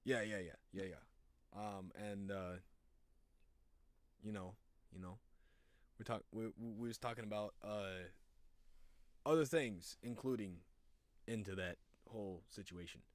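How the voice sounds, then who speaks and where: A young man with a notably deep, low voice talks loosely on his stream. His speech rambles and swears freely, with animated bursts as he tells stories. The sound is close and dry, with no room around it. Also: unhurried, long pauses, no echo. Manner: profane, rambling, animated storytelling. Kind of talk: casual stream chat.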